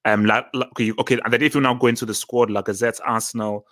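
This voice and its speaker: A man in relaxed football talk with a co-host, reasoning out loud as he goes. He stammers and restarts often while listing names. His voice sits at an ordinary middle pitch. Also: fast. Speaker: podcast co-host. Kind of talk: casual football chat.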